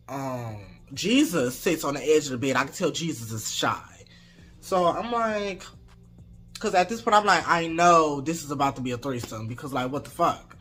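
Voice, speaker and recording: Mężczyzna opowiada anegdotę na vlogu, luźno, z dużą ilością slangu i przekleństw, z zapałem. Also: male voice, on the high side. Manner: animated, laid-back slang and swearing. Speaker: storytime vlogger. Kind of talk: casual storytelling.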